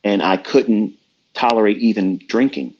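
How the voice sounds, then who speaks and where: A man's voice: on the low side, measured pace, a little mellow, slightly rough. Blunt, profane middle-aged man ranting. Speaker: trading mentor. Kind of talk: ranting motivational talk. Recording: dull lo-fi online audio room.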